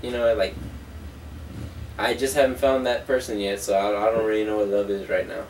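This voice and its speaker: A man's voice: on the low side, steady tone, brisk, darkish tone. A man in his twenties talking in casual chat, hesitant and full of fillers. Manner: hesitant, filler-heavy, laid-back. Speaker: co-host. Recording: echoey room from far off, faint hiss.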